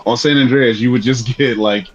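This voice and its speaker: A man's voice: mid-range voice, steady tone, normal speed. A man joining a casual gaming podcast as a guest, bantering in a joking, laid-back way. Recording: dull lo-fi audio.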